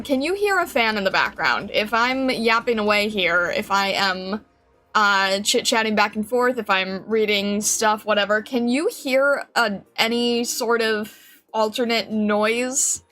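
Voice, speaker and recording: Woman streamer, bright and higher-pitched, bubbly casual chat, faint music underneath. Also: expressive, a little slow. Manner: bubbly, greets chat by name, giggly. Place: home streaming room with a fan. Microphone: desk mic with noise filter.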